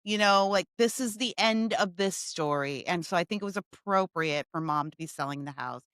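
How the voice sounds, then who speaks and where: A woman's voice: on the low side, moderate pace, clean tone, dry recording. Chatty woman telling stories, dry sound. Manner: lively storytelling, rising loud when excited. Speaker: podcast co-host. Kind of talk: casual chat.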